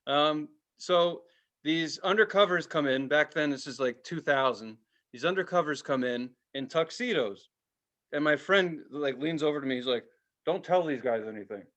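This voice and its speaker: A man in his forties, a podcast co-host telling animated, profane stories and laughing at his own lines. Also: on the high side, normal speed. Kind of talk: casual storytelling.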